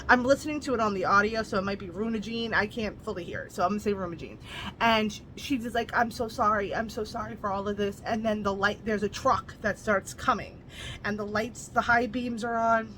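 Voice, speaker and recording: A woman's voice: medium pitch, fairly quick, fairly bright tone, a little hiss or hum, rough recording. A woman casually recapping and reviewing a novel, chatty, with lots of "like" and blunt asides. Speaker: book reviewer.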